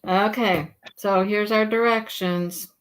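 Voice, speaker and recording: A woman hosting a live crochet-along in casual chat, animated and talking to her dog as she works. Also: mid-range voice, slow pace, a loud crowd, rough recording.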